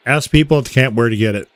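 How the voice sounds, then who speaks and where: A steady, caring friend, read out by a man as game dialogue. The delivery is plain and calm at an ordinary pitch, and the sound is close and dry with no room around it. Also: vocal fry, no room sound. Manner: reads the lines in a plain, calm voice. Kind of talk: reading game dialogue aloud.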